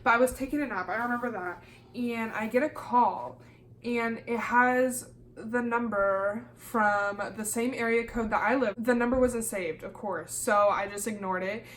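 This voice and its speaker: A young woman from Kansas telling a storytime vlog in a lively, casual way, swearing freely and acting out the dialogue. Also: on the high side, moderate pace, a little hiss or hum. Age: young adult. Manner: animated, swears freely, acts out quoted dialogue. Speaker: YouTuber.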